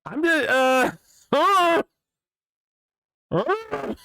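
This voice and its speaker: A man streaming a game live and reacting excitably, with frequent swearing, as he plays. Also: very high voice, very slow, gravelly, no echo, studio quality.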